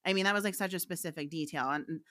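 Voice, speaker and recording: A woman with a fairly low, sharp voice talks at a racing pace. She's a psychic medium appearing as a guest, telling anecdotes in a candid, chatty way and laughing often.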